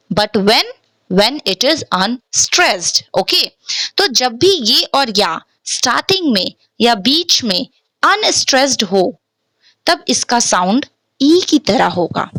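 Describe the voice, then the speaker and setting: A woman's voice: fairly high pitch, pushed and bright, dry recording, rough recording. A woman teaching a language lesson from slides, speaking patiently, repeating words and checking in with "okay?", and switching between English and Hindi.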